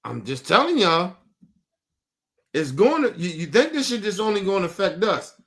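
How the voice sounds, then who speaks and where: High-voiced man ranting bluntly. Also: moderate pace. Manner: blunt, profane, animated ranting. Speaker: streamer host. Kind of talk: casual live-stream commentary.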